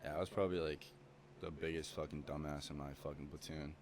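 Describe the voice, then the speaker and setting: Low-voiced young man swearing casually. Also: fairly even intonation, quick pace, a little mellow, a little hiss or hum. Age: young adult. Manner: swears constantly, rambling with many fillers. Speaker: podcast guest. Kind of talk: casual chat.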